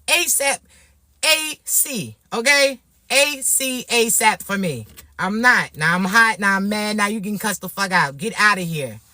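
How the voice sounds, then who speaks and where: A woman from Florida, ranting to camera in a brash, profane, animated way. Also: fairly high pitch, no echo, studio quality. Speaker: vlogger. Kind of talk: casual rant to camera.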